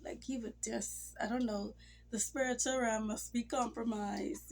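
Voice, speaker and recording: A woman's voice: fairly high pitch, little pitch movement, normal speed, gravelly, a little hiss or hum. A woman talking casually to her camera in a rambling, emotional way. She has a cold and sometimes drops into near-whispers. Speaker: vlogger. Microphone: phone or camera mic.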